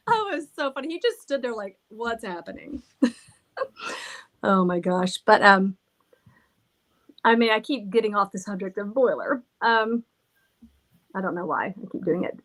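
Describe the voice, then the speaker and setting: A woman's voice: mid-range voice, very animated, a little slow, long pauses, fairly bright tone. Rambling, laughing woman telling stories. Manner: rambling, laughing, cussing freely. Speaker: haunted villa owner. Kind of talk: casual storytelling chat.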